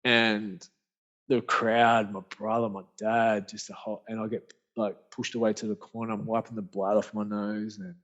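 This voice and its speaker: An Australian author and speaker tells a story on a podcast, his voice fairly low and his speed normal. He comes across as animated and rambling, using plenty of slang and restarting often. The podcast sound is dull and lo-fi.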